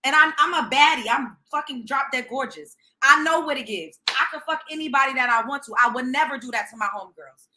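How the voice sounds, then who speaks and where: A young woman from Brooklyn, New York hosts and tells a story, blunt and profane with plenty of sass. Her high voice moves a little fast with few pauses and a sharp tone.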